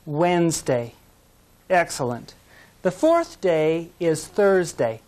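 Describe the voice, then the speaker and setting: Woman teacher for a language course tape; unhurried, carefully paced, patient and encouraging. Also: deep voice, lively intonation, darkish tone. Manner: patient, encouraging, models words slowly for repetition. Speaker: English teacher. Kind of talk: slow, clear pronunciation lesson. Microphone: studio mic, language course tape.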